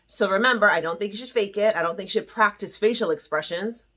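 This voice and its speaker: A woman's voice: medium pitch, quick pace, loud music behind the voice. A woman hosting a self-esteem lesson, teaching in a playful, theatrical way and acting out little quoted voices. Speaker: self-esteem coach and show host.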